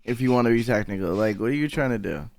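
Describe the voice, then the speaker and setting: A man's voice: medium pitch, animated, fast, vocal fry, darkish tone, dry recording. A man hosting a casual reaction podcast, rambling and joking loosely with his co-host. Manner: laid-back, rambling, joking.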